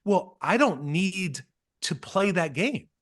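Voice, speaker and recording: A man guest on a podcast, telling parenting stories with earnest, animated energy and acting out what others said. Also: sits high, takes it slowly. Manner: earnest, animated storytelling, acts out quotes. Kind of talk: casual podcast conversation.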